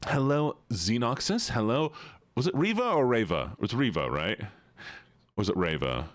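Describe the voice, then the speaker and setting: A man's voice: medium pitch, big pitch swings, moderate pace, no room sound. Guy on a live stream saying hi to chat, playful, bouncy up and down voice, dry mic. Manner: playful, chatty, sing-song greetings. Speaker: livestreamer. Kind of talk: casual livestream chat.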